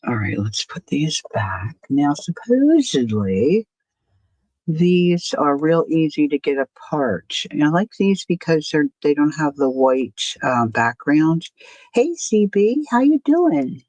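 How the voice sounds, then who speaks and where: This slow, expressive woman has a deep, darkish voice recorded with no room sound. During her casual art journaling livestream, she talks to herself as she crafts and welcomes viewers by name.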